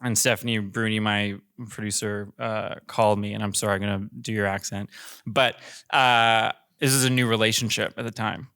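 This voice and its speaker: A man's voice: on the low side, fairly even intonation, moderate pace, sharp tone, clear, resonant tone, no echo, clean studio sound. A man directing commercials, telling a rambling, filler-heavy story on a panel in a theater. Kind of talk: casual panel talk.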